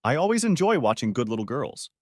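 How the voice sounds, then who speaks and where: A man putting on a loud, hearty Santa voice, jovial and playful. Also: mid-range voice, big pitch swings, quick pace, no echo, studio quality. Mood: jolly. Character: jolly booming Santa, playful grown man.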